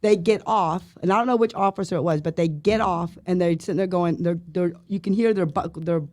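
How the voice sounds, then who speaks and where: A woman's voice: fairly low pitch, fairly quick, dry recording. A middle-aged woman, a guest on a podcast, telling a long anecdote and mimicking the sounds in it. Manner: lively storyteller who mimics sounds and voices. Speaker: guest, surviving spouse of an officer.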